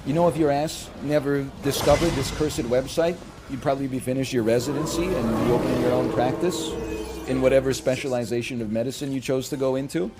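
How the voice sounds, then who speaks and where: A man's voice: medium pitch, steady tone, a little fast, heavy background noise. A young man streaming games, chatting casually in a sarcastic, profane, ranting way. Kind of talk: casual gaming stream chat.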